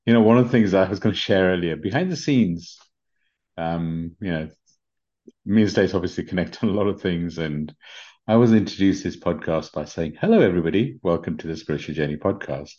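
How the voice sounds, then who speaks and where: Low-voiced British man hosting a podcast. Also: normal speed, highs cut off. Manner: gentle, earnest, many fillers and restarts. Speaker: podcast host. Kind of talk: casual spiritual podcast talk.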